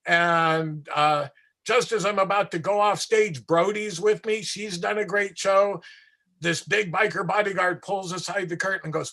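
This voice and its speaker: High bright-voiced storytelling performer. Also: male voice, measured pace. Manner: animated, acts out voices, trails into asides. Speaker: street performer. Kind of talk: anecdotal storytelling in an interview.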